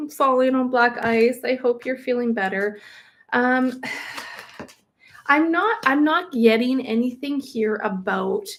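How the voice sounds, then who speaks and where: A woman giving a live-stream tarot reading, gentle and reassuring, rambling with many fillers, her voice crackling. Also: on the high side, vocal fry. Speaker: tarot reader.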